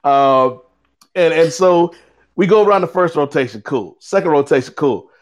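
A man telling a funny story in casual chat, animated and acting out the people in it. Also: moderate pace. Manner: lively, acts out quoted voices with big pitch swings. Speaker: guest co-host.

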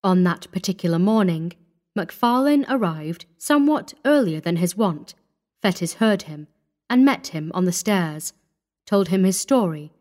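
A woman narrating a classic short story in a measured, even storytelling read. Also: on the low side. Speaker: audiobook narrator. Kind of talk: scripted narration.

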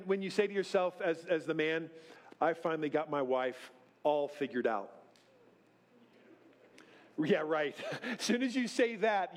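A middle-aged man preaching in a church, telling self-deprecating stories in a folksy way and often checking in with "right?". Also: high-pitched. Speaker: pastor. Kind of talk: sermon. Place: church sanctuary.

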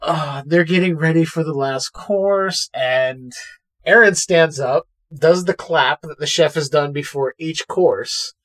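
Here a man's somewhat high voice moves at a slow pace while he recaps a film on a podcast he co-hosts. The chat stays casual, with him animatedly performing quoted lines from the movie.

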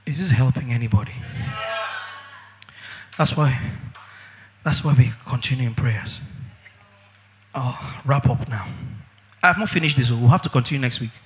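A man preaching a sermon as pastor, emphatic, with sudden shouts and drawn-out words. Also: mid-range voice, in a large hall, slight background noise.

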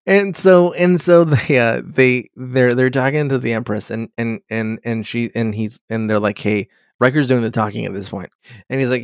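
A young man in loose, casual chat, rambling through a recap and putting on offhand mocking voices for the characters. His voice sits at an everyday middle pitch, and the sound is dry and close, with no room around it. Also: moderate pace, no room sound. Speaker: podcast co-host recapping a TV episode.

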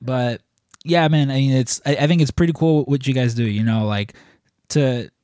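A man's voice: medium pitch, normal speed, dark tone, dry recording, studio quality. A man in casual chat, telling stories in a rambling way, full of filler words. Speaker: wrestling merchandise shop employee asking questions.

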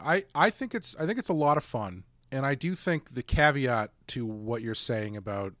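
A man's voice: mid-range voice, dry recording, studio quality. A man hosting a podcast in casual chat, rambling with restarts and laughing often. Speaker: podcast co-host.

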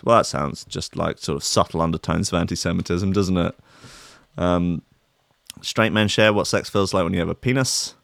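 A man's voice: low-pitched, normal speed, vocal fry, a bit bright, no echo, clean studio sound. A man hosting a casual live stream, rambling and apologetic, swearing and poking fun at himself. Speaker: stream host.

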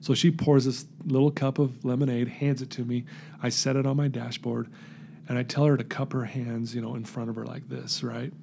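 A man telling his recovery story in an interview, earnest and animated, acting out the voices in his story. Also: mid-range voice, moderate pace, gravelly, slight background noise.

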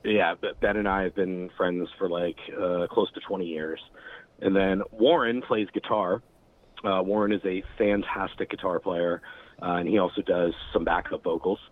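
A man's voice: deep voice, moderate pace. A man in a band, talking casually in an interview, rambling with lots of fillers. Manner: rambling, filler-heavy, relaxed storytelling. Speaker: band member guest. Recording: phone-like narrow sound.

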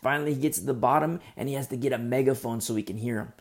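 A man's voice: medium pitch, very fast. A male preacher delivering a sermon with earnest storytelling, often restarting his phrases.

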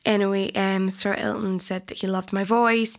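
Young woman, singer, animated chatty storytelling, a touch of vocal fry. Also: medium pitch, moderate pace. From Scotland. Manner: animated, chatty, acts out quoted voices. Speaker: singer, guest. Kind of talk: casual interview storytelling.

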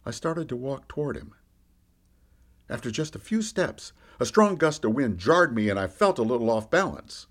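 Give me a man voicing a candid fisherman disciple telling his story with lively, animated pitch. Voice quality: lively storyteller, rising and falling with the action. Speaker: podcast storyteller. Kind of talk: first-person character monologue.

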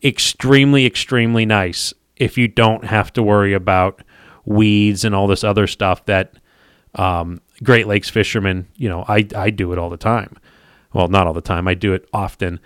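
A man explaining fishing gear in casual chat, talking haltingly with many restarts. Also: lowish voice, steady tone, fairly bright tone, clean tone, dry recording, studio quality. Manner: hesitant, many fillers and restarts.

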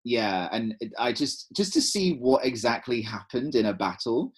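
Husky man chatting. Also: medium pitch, moderate pace. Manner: animated, rambling storyteller. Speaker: podcast co-host. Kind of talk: casual chat.

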